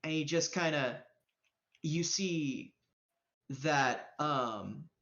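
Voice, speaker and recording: A woman game master narrates a live-streamed tabletop game in a loose, profane, rambling way. She speaks slowly in a lowish voice, and the stream audio sounds dull and lo-fi. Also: a bit bright. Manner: casual, profane, rambling with fillers.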